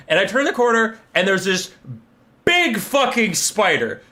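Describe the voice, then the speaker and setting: Young male streamer, casual and foul-mouthed, with a bright, sharp tone. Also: sits high, moderate pace. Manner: animated, profane storytelling. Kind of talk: casual live-stream chat.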